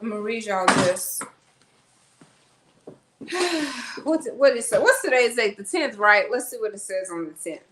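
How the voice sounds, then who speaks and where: A woman's voice: a little high, big pitch swings, moderate pace. Woman rambling to y'all while putting groceries away, echoey kitchen, bit of hiss. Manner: chatty, rambling, talks to viewers as y'all. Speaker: vlogger. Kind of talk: casual chat while unpacking groceries. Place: at home, kitchen. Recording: echoey room, faint noise.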